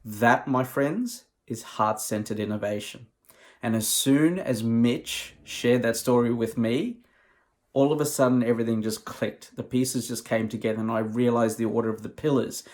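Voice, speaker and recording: A man's voice: mid-range voice, normal speed, a little mellow. A man, a professional speaker, giving an emphatic, conversational motivational talk.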